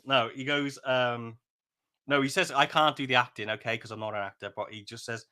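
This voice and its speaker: A man co-hosts a podcast in a medium-pitched, sharp voice with fairly even intonation and a moderate pace. He chats casually, rambling through retellings and laughing often.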